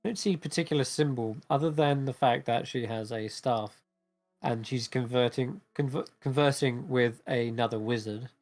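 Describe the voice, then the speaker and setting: A game master narrates a tabletop scene in a loose, rambling manner full of fillers. His voice sits at a moderate pitch. Quiet music plays behind him. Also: normal speed.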